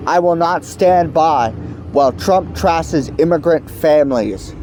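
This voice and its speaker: A man's voice: fairly high pitch, unhurried, darkish tone, slight background noise. A man vlogging a heated political rant to camera, angry and emphatic, sounding stuffed up from allergies. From United States.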